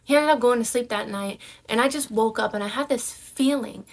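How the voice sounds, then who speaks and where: A woman's voice: fairly high pitch, a little fast. Young woman telling a story in casual chat. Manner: animated storytelling, frequent "like" and "right?" fillers. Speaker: vlogger.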